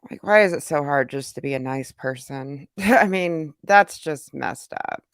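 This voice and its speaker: A reaction host speaks in a middle-pitched voice, questioning and disapproving of what was just heard. The sound is dry and close, with no room around it. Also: unhurried, clear, resonant tone, no echo. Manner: indignant, talking back at the clip. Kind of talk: reaction commentary.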